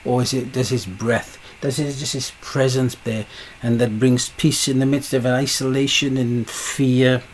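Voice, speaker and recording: A man's voice: mid-range voice, flat delivery, a little slow, few pauses, a little hiss or hum. A man preaching a sermon, pressing his points with repeated rhetorical questions.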